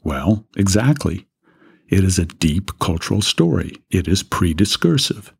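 A man who teaches a business course, giving a scripted lecture in a measured way and posing rhetorical questions. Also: low voice, very animated, vocal fry, slightly rough.

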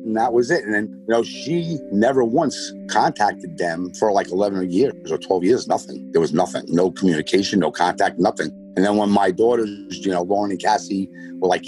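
A middle-aged man talks in a documentary interview about his daughter, plainspoken and repetitive. His voice sits very low, with faint music playing behind him. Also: a little mellow. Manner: plainspoken, repeats himself, lots of "you know". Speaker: interviewee, victim's father.

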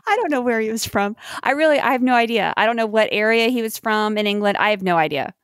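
An American woman co-hosting a podcast, chatting casually, quick to laugh and joke at herself. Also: fairly high pitch, clean tone, no room sound, clean studio sound. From United States. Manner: chatty, self-deprecating, laughs often. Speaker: podcast co-host. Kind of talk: casual chat.

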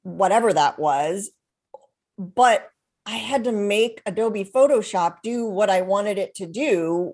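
A middle-aged woman, a self-taught collage artist, talking through her work in a thoughtful, rambling way with many restarts. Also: on the low side. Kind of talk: conversational interview.

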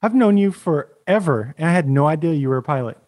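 A man, a podcast host, telling a lively anecdote in casual chat. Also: a little high, fairly quick. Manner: animated anecdote telling with laughs.

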